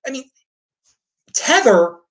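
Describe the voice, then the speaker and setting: Here the US crypto livestreamer's voice is very high-pitched with big pitch swings and a fairly bright tone, and he takes it slowly. The recording is rough, and he rants off the cuff at viewers, frequently repeating and restarting.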